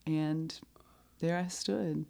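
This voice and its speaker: A woman with a very low voice tells a story in a relaxed conversation. She is animated, laughs often and acts out what people said. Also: very slow, gravelly. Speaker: storyteller in a chat. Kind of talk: casual chat.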